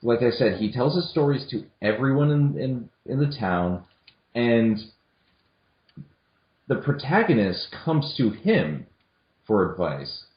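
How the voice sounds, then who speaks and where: A man's voice: medium pitch, animated, slow pace, long pauses. Young man in a roomy lo-fi recording. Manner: hesitant, many restarts and fillers. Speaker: podcast co-host. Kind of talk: casual film discussion. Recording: echoey room, dull lo-fi audio.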